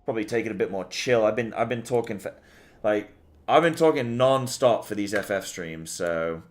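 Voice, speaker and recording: A man's voice: fairly low pitch, moderate pace. A tired young man streaming a game, rambling and swearing casually as he chats with viewers.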